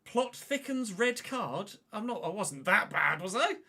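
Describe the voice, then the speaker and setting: A man live-streaming a football video game, chatting and commentating on his own play with quick excited outbursts. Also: sits high, creaky, breathy edge.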